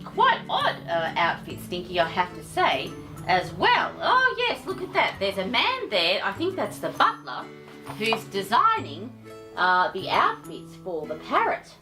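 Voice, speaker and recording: A woman reading a children's picture book aloud as host, theatrical, with affectionate asides to her listeners. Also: medium pitch.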